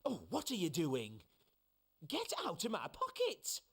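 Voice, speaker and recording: An actor voicing a dreamy, lovesick barber in a video game, wistful and sighing. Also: male voice, sits high, wildly swooping pitch, measured pace, gravelly, fairly bright tone, breathy edge, full character voice. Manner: wistful, sighing, swooping delivery.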